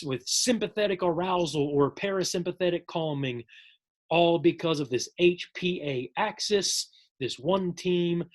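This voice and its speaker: A man teaching a psychology lesson in a casual, jokey recorded lecture, addressing his viewers as folks. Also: on the high side.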